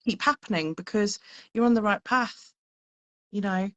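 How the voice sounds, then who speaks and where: A woman's voice: mid-range voice, normal speed, a bit bright. Effusive woman hosting a chat. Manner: effusive, motivational, many fillers. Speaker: host. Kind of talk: casual chat. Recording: slightly dull lo-fi audio.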